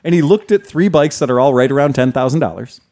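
A man who owns a motorcycle shop, telling stories in a casual, profane, animated way. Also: medium pitch, fast talker. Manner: animated, profane, laughing storyteller. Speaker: motorcycle dealership owner. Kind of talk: casual storytelling chat.

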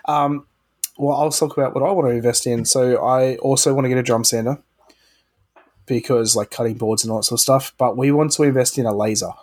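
A man's voice: medium pitch, steady tone, a little fast, a little mellow, husky. A man with a non-American accent, chatting casually as a podcast co-host, often stumbling and repeating words.

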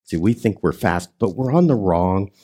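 Mellow-voiced pastor preaching a sermon. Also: male voice, sits low, lively intonation, normal speed, breathy edge. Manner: emphatic, swings between loud and hushed delivery; conversational preaching with audience prompts.

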